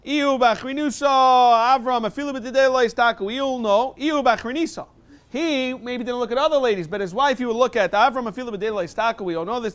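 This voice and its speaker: Man, very high voice, smooth and clear, talmud lesson, reads and explains. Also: a bit bright. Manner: quick mix of read Aramaic and plain English explanation. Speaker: rabbi teaching a Talmud review class. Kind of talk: talmud class review, reading and translating.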